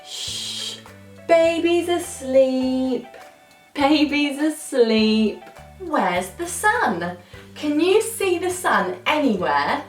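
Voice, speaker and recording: British female children's presenter, high and drawn-out, sings often; recorded a bit off-mic in a roomy space. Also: big pitch swings. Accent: British English. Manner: slow, exaggerated, sing-song with frequent singing. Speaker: toddler speech teacher. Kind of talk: sing-song toddler lesson. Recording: roomy, slightly distant mic with faint music.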